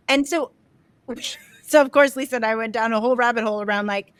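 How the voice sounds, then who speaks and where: Animated woman retelling a story. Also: on the high side, a little fast, dry recording. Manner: animated storytelling, quoting others. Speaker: podcast co-host. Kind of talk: casual chat.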